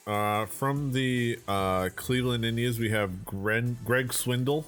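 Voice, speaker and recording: A man's voice: medium pitch, takes it slowly, hardly any pauses, a bit bright, faint music behind. A man co-hosting a casual podcast, opening baseball card packs in an easygoing way, laughing often and trailing off mid-thought. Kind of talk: casual chat.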